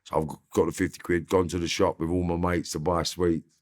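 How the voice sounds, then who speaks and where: A man with a very deep voice, telling blunt, slangy stories about his past as an interview guest. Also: little pitch movement, fast talker, darkish tone. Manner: blunt, swears freely, slangy. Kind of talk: casual storytelling.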